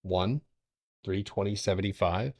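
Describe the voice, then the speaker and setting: A man's voice: low voice, unhurried, a little mellow. A man hosting a stock trading livestream, giving loose, joking market analysis and swearing now and then. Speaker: stock trading stream host.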